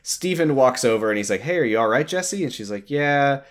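A man's voice: mid-range voice, fairly quick. Man animatedly retelling a show. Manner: animated retelling, acting out characters' lines. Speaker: podcast co-host. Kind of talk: casual recap chat.

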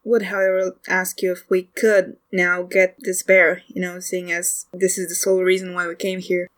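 A woman doing a calm older huntress. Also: fairly low pitch, moderate pace, close to an everyday voice. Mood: placating. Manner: soothing, polite. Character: calm, older female hunter, peacemaker.

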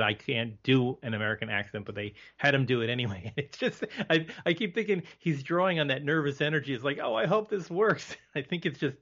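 A man's voice: mid-range voice, a bit bright. A man talking as a podcast guest, chatty and hesitant, with lots of "um" and restarts. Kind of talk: casual movie discussion. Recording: slightly muffled lo-fi recording.

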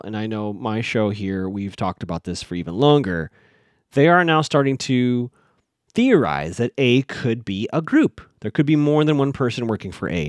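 A man's voice: mid-range voice, no echo, clean studio sound. A man hosting a podcast, casually recapping a TV episode, thinking aloud with plenty of fillers and restarts.

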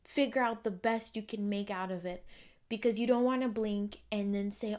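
Earnest young woman musing softly. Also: mid-range voice, steady tone, normal speed. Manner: earnest, affirming, repeats phrases, drifts soft and quiet. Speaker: podcast host. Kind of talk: reflective solo podcast monologue.

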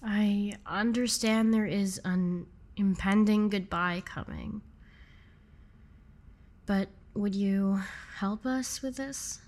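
A woman playing an earnest character who softly pleads with a friend to stay. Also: medium pitch, slow. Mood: pleading. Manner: soft, pleading.

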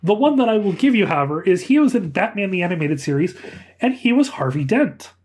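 A man's voice: sits high, big pitch swings, brisk, a little mellow. A man co-hosting a casual podcast chat, rambling with laughing asides. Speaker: podcast co-host.

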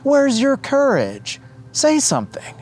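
A tender, earnest young boy saint, voiced by a man in a spoken storybook, his voice raised well above the reader's own and swinging lively in pitch. He asks kind questions patiently, with quiet warmth. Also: slow, slight background noise, heavily acted. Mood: affectionate.

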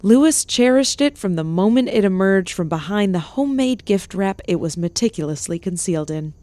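Woman reading a comedy tale totally deadpan, dry close sound. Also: medium pitch, normal speed, dry recording. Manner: deadpan, mock-grand delivery. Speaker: narrator. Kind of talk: scripted comedic narration.

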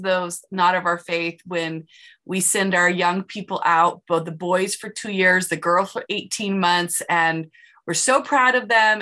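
A woman's voice: mid-range voice, bright, forceful tone. A woman hosting a podcast, chatting effusively, telling stories and laughing often. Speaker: podcast host. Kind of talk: casual interview chat.

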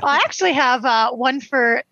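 A woman's voice: high-pitched, normal speed, gravelly, sharp tone, dry recording, dull audio. A woman in her sixties, a podcast guest, telling family stories in a chatty way, laughing often. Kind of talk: casual podcast chat.

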